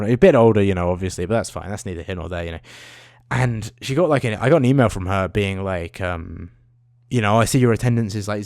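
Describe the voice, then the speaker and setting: A young man rants to his camera in a rambling, foul-mouthed, self-mocking way. His voice sits a little low. The sound is dry and close. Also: darkish tone, no echo. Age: young adult. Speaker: vlogger. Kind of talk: casual rant to camera.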